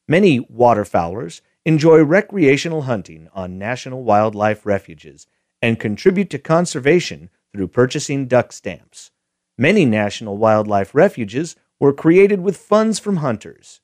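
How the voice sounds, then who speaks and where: A man reading scripted narration for a wildlife auto tour in a measured way. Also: medium pitch, very animated, darkish tone, no echo.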